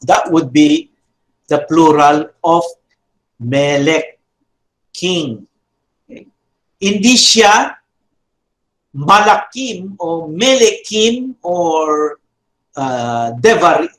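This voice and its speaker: A middle-aged man teaches a class, his fairly high voice unhurried and full of pauses and fillers. He drills examples by repeating them over and over. His voice echoes around the room. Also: animated, fairly bright tone. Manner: slow, halting explanation with frequent fillers and repeated drills. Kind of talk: classroom lecture.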